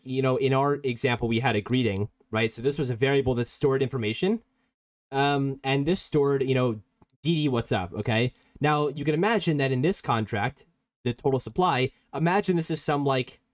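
A man's voice: mid-range voice, no room sound, studio quality. A man teaching a live online coding workshop in a casual, rambling way, reacting to chat and prone to giggling. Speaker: workshop instructor.

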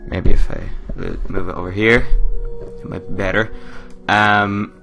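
A man with a lowish but bright voice rambles through a gameplay recording. He fills gaps with ums and giggles, and faint game music plays behind him. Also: flat delivery, unhurried. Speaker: let's play gamer. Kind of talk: casual gameplay commentary. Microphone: desk microphone.

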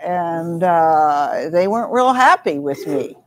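An older woman, a former university president and panel guest, telling stories in an earnest, measured way. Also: on the low side, lively intonation. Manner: measured, earnest, recounts anecdotes. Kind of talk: reflective storytelling in a panel talk.

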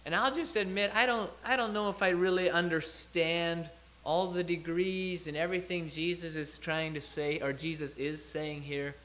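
In church, a preacher with a fairly high, bright, forceful voice delivers his sermon at a moderate pace with fairly even intonation. He treats it like a conversation, thinking out loud and stopping to restart or correct himself.

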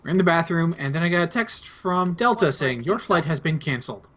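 Brief: young male let's-play host, slightly high-pitched, easygoing and rambling storyteller. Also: lively intonation, fairly quick, fairly bright tone. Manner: rambling anecdote, laid-back. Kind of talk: casual gameplay chat.

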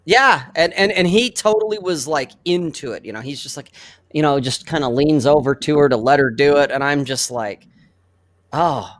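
A man telling an anecdote in casual podcast chat, animated and swearing freely. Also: on the high side, a little fast.

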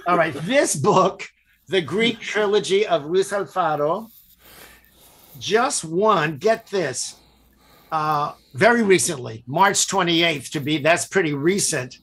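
A man's voice: on the high side, expressive, slow, fairly bright tone, husky. A man hosting a casual interview, enthusiastic and responsive to his guest. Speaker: host.

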